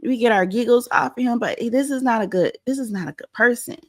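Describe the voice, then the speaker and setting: A woman hosting a pop-culture show, giving animated, opinionated commentary on a clip and talking straight to her viewers. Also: fairly high pitch, a little fast.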